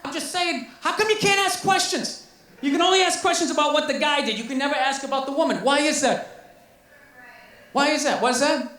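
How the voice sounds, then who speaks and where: A man's voice: very high-pitched, fairly quick, sharp tone. A male stand-up comedian performing a routine, telling exasperated, profane stories and acting out the people in them. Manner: profane, exasperated storytelling with mock-quoted voices. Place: stand-up special played back in a room. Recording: roomy, distant, noisy playback.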